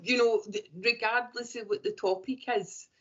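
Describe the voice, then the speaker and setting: A woman's voice: on the high side, fairly even intonation, normal speed. A woman tarot reader talking thoughtfully in a casual interview, often circling back with "you know". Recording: dull lo-fi audio.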